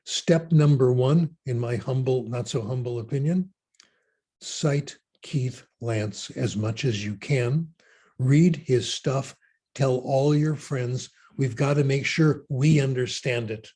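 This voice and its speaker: Husky-voiced man answering questions. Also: mid-range voice, slow pace. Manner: opinionated and animated, with wry asides. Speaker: keynote speaker.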